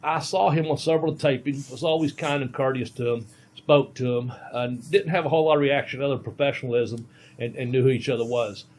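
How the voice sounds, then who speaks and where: A man's voice: medium pitch, quick pace, a little mellow. A middle-aged man, a veteran pro wrestler, telling a long casual podcast story with many ums and restarts.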